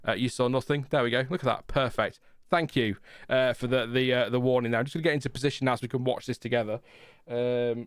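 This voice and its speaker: Recorded in clean studio sound with no echo, this man's medium-pitched voice is clear and resonant. He hosts a casual live watchalong, chatting and rambling with plenty of fillers and laughs.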